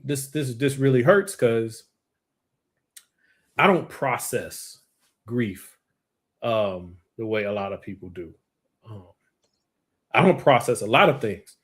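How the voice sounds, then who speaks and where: A man hosting a livestream memorial, speaking haltingly through grief with many pauses, over a video call. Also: medium pitch. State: grieving, near tears. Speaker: show host. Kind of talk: emotional memorial tribute.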